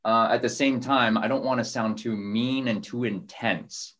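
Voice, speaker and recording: A man hosting a coaching call, asking a voice coach earnest questions in a halting way. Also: medium pitch, steady tone, fairly bright tone. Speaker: host interviewing a voice coach.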